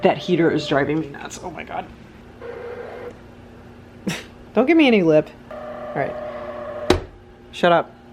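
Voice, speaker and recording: A young woman vlogs from home while lying on the floor, talking casually to her viewers in a low voice with big pitch swings at normal speed. She's chatty and rambling, sometimes frustrated, with long pauses, and background noise is audible.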